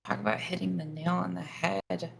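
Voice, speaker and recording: A woman's voice: lowish voice, lively intonation, normal speed, vocal fry. A young woman playing a tabletop game in character, sarcastic and indignant. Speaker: player.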